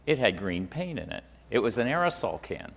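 A middle-aged man preaching a sermon, swinging from loud emphatic peaks to hushed near-whispers and repeating words as he finds his next thought. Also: medium pitch, big pitch swings, fairly quick, gravelly, big-room sound, slight background noise. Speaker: pastor.

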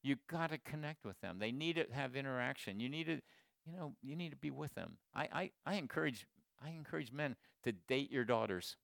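A man in his sixties giving a sermon to men, swinging from loud exhortation to quiet storytelling. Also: medium pitch, animated, brisk, creaky, no echo, studio quality. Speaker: speaker at a men's gathering.

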